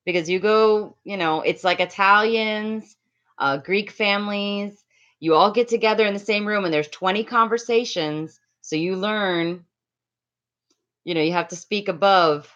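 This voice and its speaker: A woman from Latin America chatting loudly and quickly on a live stream, reading and answering viewers' comments with frequent laughs. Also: medium pitch, dull audio. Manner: loud, fast, laughs often. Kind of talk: casual live-stream chat.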